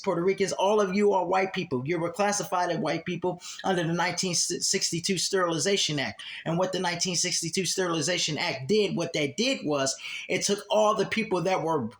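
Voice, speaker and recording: A man's voice: high-pitched, fairly bright tone. A man giving a heated scripture commentary monologue, fiery and emphatic, hammering points home with long repeated lists.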